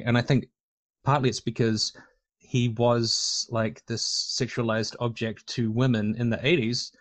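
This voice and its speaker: A man's voice: medium pitch, steady tone, moderate pace. A man talking casually on a discussion panel, rambling with lots of fillers and restarts.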